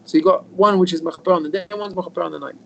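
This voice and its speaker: A man's voice: sits high, racing, creaky, highs cut off, slight background noise. A man, a rabbi, giving an informal Torah lesson over a video call, telling stories and acting out the dialogue, with Hebrew terms mixed in. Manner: animated storyteller, acts out quoted dialogue, mixes in Hebrew terms.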